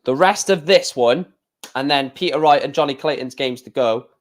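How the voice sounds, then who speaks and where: Young male streamer, casual darts caller, chatty and opinionated, grumbles about slow matches. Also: mid-range voice. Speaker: livestream watchalong host. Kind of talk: casual live darts commentary.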